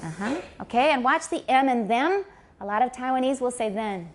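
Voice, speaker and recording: A woman teaching linguistics in a classroom, speaking in a fairly high voice. She drills pronunciation carefully, repeating words for her students and correcting their stress. Her delivery is patient and methodical. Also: brisk, slight background noise. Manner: corrects and models pronunciation, switches into Mandarin for glosses. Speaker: university linguistics lecturer. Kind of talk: classroom lecture with pronunciation coaching.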